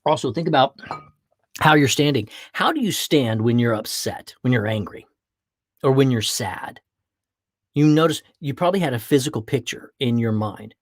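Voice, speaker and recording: An animated man delivers a motivational talk in a mid-pitched voice. He breaks into playful acted voices to make his points. The sound is close and dry, with no room echo. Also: moderate pace. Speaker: podcast host.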